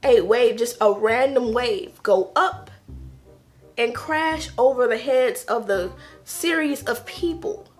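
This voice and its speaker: A woman casually telling a personal story to camera, animated, acting out quotes in a higher voice and laughing between lines. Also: slow, faint music behind.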